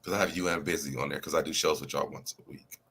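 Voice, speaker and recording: A man's voice: a bass voice, fairly even intonation, fast talker, fairly bright tone, husky. A man co-hosting a casual gossip chat over a video call, rambling and laughing often, talking straight to viewers. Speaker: co-host of gossip show.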